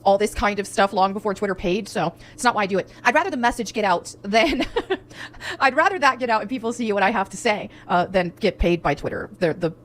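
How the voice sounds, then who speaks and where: A woman's voice: mid-range voice, animated, fairly quick, fairly bright tone. A woman talking casually in a defiant, offhand way. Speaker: online creator. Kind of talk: casual chat.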